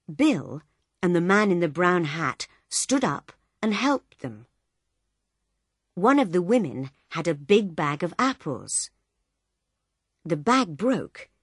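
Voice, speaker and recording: A woman reads an easy story aloud in clear, deliberate narration. She speaks very slowly, and her pitch moves a lot. The recording is close and dry. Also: no room sound. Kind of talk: graded reader audiobook narration.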